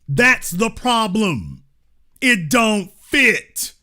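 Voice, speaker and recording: A man's voice: high-pitched, very animated, extremely slow, bright, forceful tone. A man hosting a heated commentary monologue, repeating his points emphatically and confrontationally in slangy, colloquial speech. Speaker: commentary show host.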